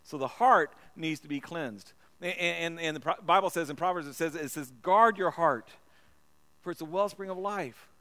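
A man's voice: fairly high pitch, moderate pace, fairly bright tone. A man preaching a sermon in a church, earnest and repeating himself, often stumbling and restarting his words. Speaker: pastor.

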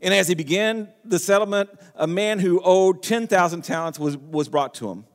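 A pastor delivers a sermon in a voice pitched high for a man, reading scripture aloud and speaking earnestly at a normal speed. He frequently restarts his phrases, and a long hall reverb rings around his words.

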